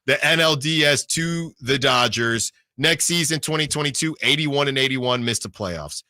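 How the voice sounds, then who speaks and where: A man's voice: medium pitch, moderate pace, bright, forceful tone, dry recording, studio quality. A man hosting sports radio, reading out team records in casual talk and checking himself as he goes. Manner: reads out records, self-checking.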